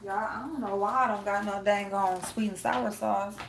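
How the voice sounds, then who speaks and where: A woman's voice: mid-range voice, fairly even intonation, normal speed, gravelly, slight background noise. A woman hosting a casual live stream, reading chat and greeting viewers by name, blunt and profane with frequent laughter.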